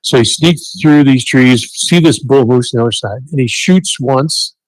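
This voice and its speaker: A man's voice: medium pitch, moderate pace, dry recording. A man with a mid-range voice joins a radio program as a guest. He chats casually and tells his stories in an easygoing way. The recording is dry and close. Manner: easygoing storyteller, chuckles at his own hunting tale. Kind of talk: casual radio chat, storytelling.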